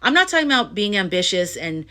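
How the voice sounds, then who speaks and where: A woman's voice: mid-range voice, big pitch swings, fast, sharp tone. A middle-aged woman talking straight to her viewers in a casual spiritual monologue, rambling and earnest, full of restarts and fillers. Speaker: astrology and tarot reader.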